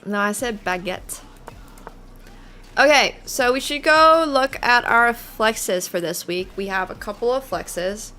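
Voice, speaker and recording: A woman's voice: a little high, slow pace, pushed and bright, slight background noise. A woman chess streamer chatting casually with her live viewers, leaning on "like" and laughing easily.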